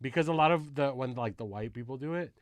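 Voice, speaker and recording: A man's voice: medium pitch, quick pace, dry recording. Guy hosting a chill podcast, cracking jokes and cussing, dry close mic. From United States. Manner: joking, swearing, loose banter. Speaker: podcast host. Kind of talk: casual podcast chat.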